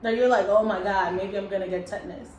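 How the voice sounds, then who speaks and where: A woman's voice: medium pitch, steady tone, quick pace, a little mellow. Wry, candid woman in an echoey room. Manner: candid, wry storyteller, swears casually. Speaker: podcast co-host. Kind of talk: casual chat. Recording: echoey room with faint noise.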